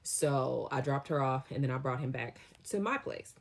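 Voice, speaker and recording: A young woman with a low, deep-set voice tells a story casually to her viewers. She talks in a slangy, animated way and jumps into lively acted-out quotes. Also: normal speed, creaky. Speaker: storytime vlogger.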